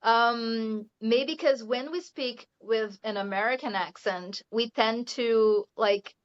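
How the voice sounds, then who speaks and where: A Brazilian English teacher whose first language is Portuguese chats in English during a casual interview, often tossing in "you know" and light laughs. Her voice is a little high, slow, clear and resonant, on a lo-fi recording.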